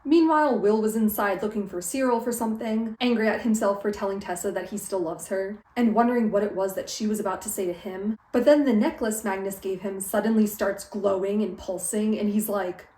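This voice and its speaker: A young woman giving a casual, lively book recap, full of "like" and quoted character lines. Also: medium pitch, a little fast, few pauses. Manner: chatty, lively retelling with quoted character voices and frequent "like". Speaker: book vlogger. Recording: echoey room.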